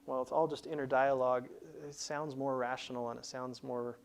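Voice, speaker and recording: A man's voice: mid-range voice, level tone, a little fast. A man hosting a career advice show, explaining plainly in a conversational teaching style with frequent restarts. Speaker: career coach host.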